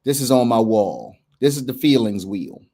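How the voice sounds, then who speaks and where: A man's voice: mid-range voice, animated, moderate pace, mellow, breathy edge. A man, a men's coach hosting a candid talk, earnest and reflective, often restarting and checking in with "right?". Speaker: men's coach and podcast host.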